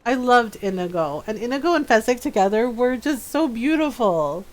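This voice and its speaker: A woman streamer chats casually while playing a game. She is bubbly and talkative, often breaking into laughter. Her voice sits slightly high for a woman. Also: animated, normal speed. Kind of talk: casual gameplay chat.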